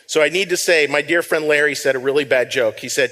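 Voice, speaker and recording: Man, pastor, conversational sermon, repeats words, somewhat high voice, reverberant hall. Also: brisk, fairly bright tone. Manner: conversational, repeats words, reads scripture aloud. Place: church sanctuary.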